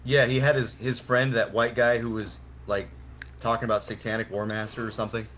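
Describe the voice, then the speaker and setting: A man's voice: medium pitch, little pitch movement, fairly quick, fairly bright tone. Rambling, laughing young man telling a story. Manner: rambling, profane, laughs often. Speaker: podcast co-host. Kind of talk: casual storytelling chat.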